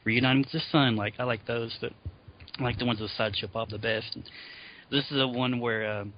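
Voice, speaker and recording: On dull lo-fi audio with slight background noise, a podcast co-host speaks briskly at medium pitch in a steady tone. His casual chat is full of laughter as he recounts favorite scenes.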